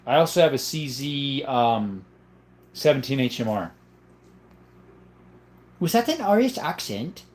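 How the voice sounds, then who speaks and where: A young adult man hosting a casual livestream, reading viewer comments aloud and answering them in a loose, conversational way. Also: medium pitch. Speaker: livestream host.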